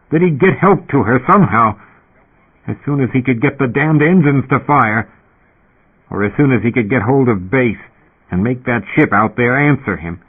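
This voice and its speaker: A man narrating an audiobook in a steady storytelling manner. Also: medium pitch, husky. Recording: tinny phone-like audio.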